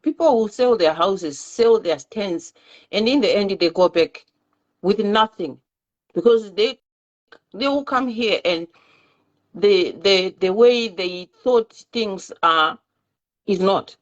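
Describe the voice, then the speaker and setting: In a casual talk-show discussion, a woman earnestly gives advice, often repeating her words. Her medium-pitched voice moves slowly with lively intonation, and the audio is muffled and lo-fi.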